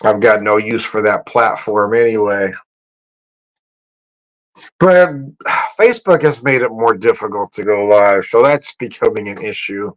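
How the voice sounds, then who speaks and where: A man's voice: unhurried, pauses often, rough recording. A man hosting a casual beer livestream, rambling and chuckling, correcting himself as he talks. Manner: raises his voice high to mimic greetings. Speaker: beer vlogger.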